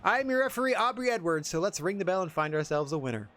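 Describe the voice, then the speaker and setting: A man putting on a gravelly, booming male wrestling announcer voice, calling the action with dramatic play-by-play over a video game. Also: very animated, fast talker, a bit bright. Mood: announcing.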